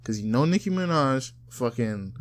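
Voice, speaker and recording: A man's voice: medium pitch, animated, normal speed. A man from South Florida co-hosting a casual podcast chat, loose and profane, often mimicking people in put-on voices. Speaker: podcast co-host.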